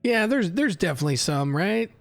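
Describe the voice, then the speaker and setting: A man with a fairly high voice chats on a livestream, spinning a rambling travel story full of swearing and restarts. Faint music plays behind him as he talks into a desk mic. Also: big pitch swings, brisk, gravelly. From United States. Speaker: livestream host. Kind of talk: casual chat.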